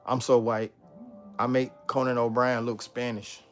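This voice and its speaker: A man's voice: medium pitch, flat delivery, unhurried, fairly bright tone, faint music behind. A man hosting a casual livestream, chatting loosely with viewers and reading out their comments. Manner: laid-back, chatty, reads out chat and answers viewers. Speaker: livestream host.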